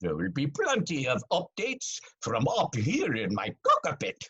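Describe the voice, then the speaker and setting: An actor playing a pompous male airline captain who drawls grandiose, suggestive announcements in a raspy voice. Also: a little high, huge pitch swings, unhurried, bright, forceful tone, exaggerated voice. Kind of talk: comedic audio drama acting.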